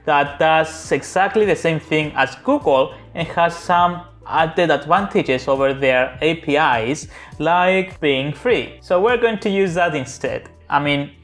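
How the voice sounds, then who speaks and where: A man's voice: fairly high pitch, unhurried, fairly bright tone, soft background music. A man who speaks English as a second language, hosting a casual tutorial vlog in a joking, playful, self-mocking way. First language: not English. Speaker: tech YouTuber.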